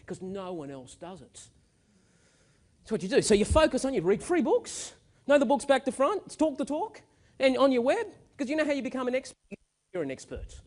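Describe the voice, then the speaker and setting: A man giving a motivational keynote speech on stage, telling stories with energy and emphasis. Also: very high voice. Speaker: keynote speaker. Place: stage at a live event.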